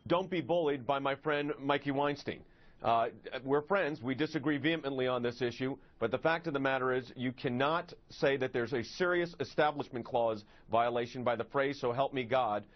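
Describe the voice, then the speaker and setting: A man's voice: medium pitch, brisk. A man giving a firm, argumentative legal opinion in a news clip. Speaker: lawyer interviewee. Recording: dull lo-fi broadcast clip.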